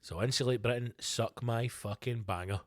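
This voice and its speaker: A Scottish man rants on his own podcast, swearing freely and slipping into jokey voices. His voice sits at an ordinary middle pitch. The sound is dry and close, with no room echo. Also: moderate pace. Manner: sweary, animated ranting with comic put-on voices. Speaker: podcast host. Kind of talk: ranting solo podcast.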